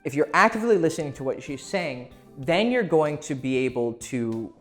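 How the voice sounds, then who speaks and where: A man with a slightly high, somewhat bright voice gives blunt, casual dating advice to camera, very animated and at a moderate pace. He swears freely and acts out what people say, with soft music playing in the background.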